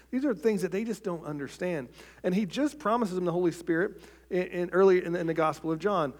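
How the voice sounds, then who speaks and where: A man preaching a sermon in an earnest way, often repeating words as he starts a phrase and dropping to a soft, quiet voice on key points. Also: fairly high pitch, quick pace.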